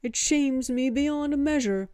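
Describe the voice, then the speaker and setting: A woman reading a storybook, voicing a booming, formal male monkey god who speaks with great reverence. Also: takes it slowly, warm tone, dry recording, clean studio sound. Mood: booming devotion.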